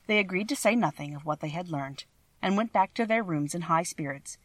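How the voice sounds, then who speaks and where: A woman's voice: on the low side, animated, fairly quick, dry recording. Woman reading a storybook aloud. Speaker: audiobook narrator. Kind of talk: scripted narration.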